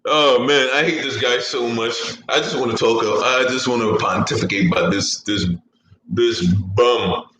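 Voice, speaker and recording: Male podcast host, casual and rambling, swears a lot, bright tone, echoey room with faint hum. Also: mid-range voice, measured pace. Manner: rambling, swearing, laughs at own jokes. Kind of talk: casual fantasy sports chat.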